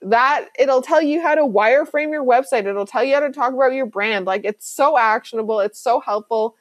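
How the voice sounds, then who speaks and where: A woman's voice: high-pitched, moderate pace, no room sound. A woman hosting a casual solo podcast as a business coach, chatty and emphatic, full of "like" and slang.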